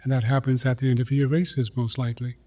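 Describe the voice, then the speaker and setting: Mellow-voiced older man telling stories. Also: medium pitch, little pitch movement. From South Dakota, USA. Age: 80s. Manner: unhurried, acts out remembered dialogue. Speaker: guest, retired Olympic runner. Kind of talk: storytelling conversation.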